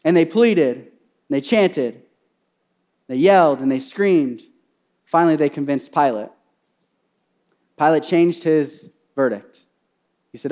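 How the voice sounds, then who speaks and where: High-voiced animated male preacher. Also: slow pace, long pauses. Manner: animated storytelling, swings between loud and soft. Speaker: pastor. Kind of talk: sermon.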